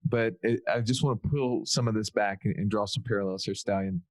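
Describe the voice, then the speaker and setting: A man's voice: lowish voice, fairly even intonation, a little fast, no echo. Guy hosting a podcast, dry close sound, asks lots of questions, laughs easy. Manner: curious questioner, laughs easily. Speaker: podcast host. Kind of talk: conversational interview.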